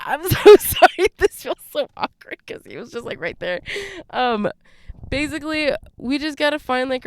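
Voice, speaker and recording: A woman's voice: fairly high pitch, a bit bright, clean tone, dry recording, studio quality. A young adult woman hosting a solo podcast, talking casually and rambling with many fillers, her throat a little scratchy. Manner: rambling, lots of "like" and "you know". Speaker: podcast host.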